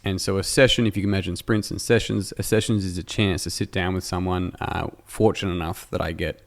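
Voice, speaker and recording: Australian man, podcast host, very low voice, rambling casual chat, jokey. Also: fairly even intonation, a little fast, vocal fry. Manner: rambling, self-correcting, joking. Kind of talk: casual conversational interview.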